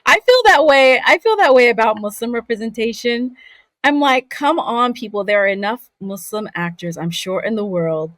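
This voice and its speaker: A woman's voice: a little high, moderate pace, dry recording. A woman voice actor who grew up between California, Saudi Arabia and Scotland, telling stories expressively in a casual interview. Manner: expressive storyteller, laughs often. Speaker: voice actor guest.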